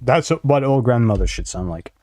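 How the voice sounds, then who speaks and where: A man's voice: medium pitch, animated, moderate pace, loud music behind the voice. A man, rambling and swearing freely in casual reaction-stream commentary. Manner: rambling, swearing a lot, frequent laughter.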